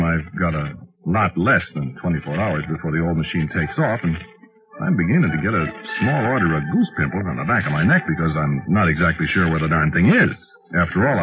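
An actor playing a flustered, folksy young time traveler who tells his story haltingly in an old radio drama. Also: low voice. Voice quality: folksy, halting, full of uhs and gee. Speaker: time traveler narrating his own tale. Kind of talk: 1940s radio acting. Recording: tinny old radio broadcast with music.

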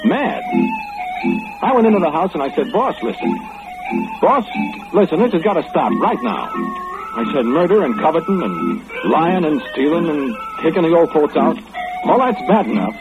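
An actor playing the archangel Gabriel, a folksy, excitable male messenger telling his tale in 1940s radio style. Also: on the high side, moderate pace. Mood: excited storytelling. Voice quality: folksy rural drawl, excitable. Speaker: narrating monologue. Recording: tinny old radio broadcast with loud music.

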